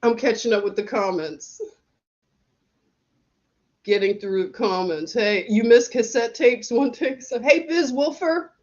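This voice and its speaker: Slow-talking chatty woman livestreamer. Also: on the high side, darkish tone, lo-fi sound. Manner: chatty, laughs often, storytelling. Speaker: livestream host reading viewer comments. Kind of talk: casual livestream chat.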